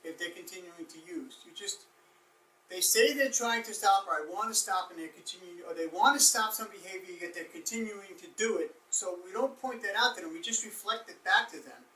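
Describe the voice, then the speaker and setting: A man's voice: high-pitched, fairly quick, sharp tone. A man giving an informal training lecture, explaining with examples and often restarting his sentences. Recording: echoey room, far from mic.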